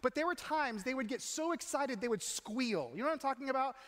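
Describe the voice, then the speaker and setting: A middle-aged man preaching a sermon in a church, talking in a conversational, animated way and often asking the congregation questions. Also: very high voice, fairly quick. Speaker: pastor. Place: church sanctuary. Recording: long hall reverb.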